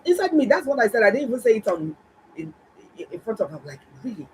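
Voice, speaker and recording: A woman doctor, telling viewers a story in a casual, animated and emphatic way. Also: fairly high pitch, normal speed, slight background noise, rough recording. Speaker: doctor and health vlogger.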